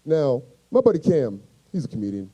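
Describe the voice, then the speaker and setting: A man's voice: mid-range voice, brisk, husky, lo-fi sound. A male stand-up comedian from the United States telling a profane story, acting out voices. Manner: animated, profane, acts out voices.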